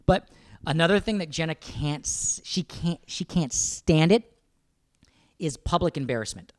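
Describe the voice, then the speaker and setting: A middle-aged man co-hosting a podcast in casual chat, loud, swearing freely and quick to laugh. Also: fairly high pitch, expressive, no room sound. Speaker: podcast co-host.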